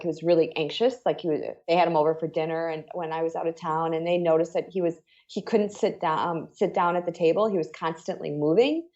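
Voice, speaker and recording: A middle-aged woman with a fairly low voice tells a personal story as an interview guest. She talks in an earnest, conversational way, filling her sentences with "you know" and "like." The podcast audio is a little dull and muffled. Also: darkish tone.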